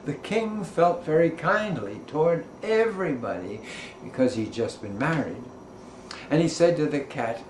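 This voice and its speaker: A man who works as a storyteller, narrating a children's folk tale in a playful, expressive way. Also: a little high, unhurried, slight background noise. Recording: roomy echo.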